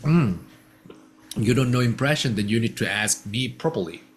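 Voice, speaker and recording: A man's voice: mid-range voice, expressive, normal speed, breathy edge. A man teaching a casual one-on-one English lesson, patiently explaining simple words.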